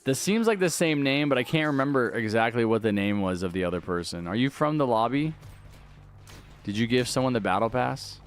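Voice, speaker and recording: A man's voice: mid-range voice, animated, a little fast. A man live-streaming a video game, chatting casually, reading viewer messages aloud and thanking donors. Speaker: livestreaming gamer.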